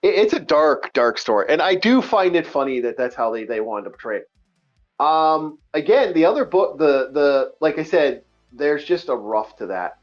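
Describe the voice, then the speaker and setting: A man hosting a casual online book-review chat, emphatic and animated, repeating himself often. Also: a little high, normal speed, highs cut off, soft background music. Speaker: podcast host.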